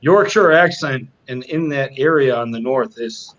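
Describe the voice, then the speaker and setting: A man hosting an art livestream on a video call, chatting casually and reading out viewer comments with excitable, stumbling restarts. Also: mid-range voice, unhurried, dull audio. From United States. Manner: excitable, repeats words when he starts a sentence.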